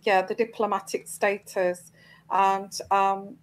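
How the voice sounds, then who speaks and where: A woman's voice: mid-range voice, level tone, slow, slight background noise, low-quality recording. A woman hosting her own live tarot show, talking to viewers with many ums and restarts. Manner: hesitant, full of ums and restarts, indignant at trolls. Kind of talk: live-stream chat to viewers.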